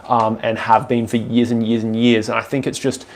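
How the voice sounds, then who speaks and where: Young Australian man, Australian accent, mid-pitched, rambling, casual livestream Q&A. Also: level tone, normal speed. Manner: rambling, loose, with frequent ums and restarts. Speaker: livestreamer answering viewer questions. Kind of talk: casual live Q&A chat.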